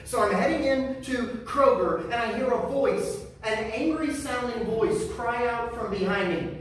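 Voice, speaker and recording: A man's voice: very high voice, moderate pace, a bit bright, a little hiss or hum. A man preaching a sermon as pastor, emphatic and repeating key phrases for weight. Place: church sanctuary. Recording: echoey church from far off.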